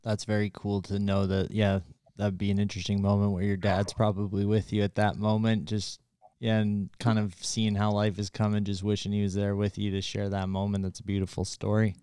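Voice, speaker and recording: A man's voice: on the low side, monotone, fairly quick, mellow, smooth, no room sound, clean studio sound. A man co-hosting a golf podcast, asking friendly, rambling questions of his guest. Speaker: podcast co-host. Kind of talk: casual interview.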